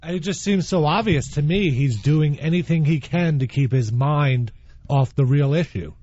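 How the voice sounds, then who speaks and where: A man chatting on a radio show, chiming in with quick remarks and questions. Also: a little high, warm tone, dry recording. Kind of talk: casual talk radio chat. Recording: dry, muffled radio broadcast.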